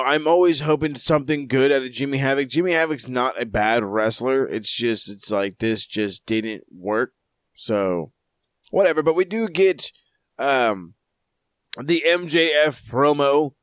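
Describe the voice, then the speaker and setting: Male co-host, casual rambling recaps with crude jokes, mid pitch, dry close sound. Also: dry recording. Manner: rambling, profane, jokey recaps. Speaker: podcast co-host. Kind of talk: casual wrestling review chat.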